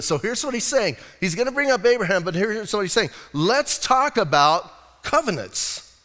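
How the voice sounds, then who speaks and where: A middle-aged male pastor preaches in a loose, conversational way, acting out the story as he goes. His voice sits a little high for a man. The church around him adds a long, ringing reverb. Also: big pitch swings, moderate pace, sharp tone. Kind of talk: expository sermon.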